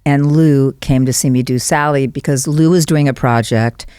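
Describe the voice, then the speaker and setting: A woman guest on a podcast telling rambling, lively anecdotes and acting out the voices of the people she quotes. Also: very deep voice, moderate pace, clear, resonant tone, dry recording, studio quality. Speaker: guest, actress. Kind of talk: casual chat, anecdotal storytelling. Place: podcast studio.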